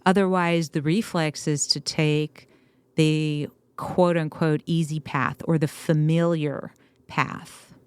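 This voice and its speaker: A woman co-hosting a parenting podcast, chatting casually and telling animated stories with chuckles. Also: low-pitched, takes it slowly, clear, resonant tone, dry recording. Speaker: podcast co-host.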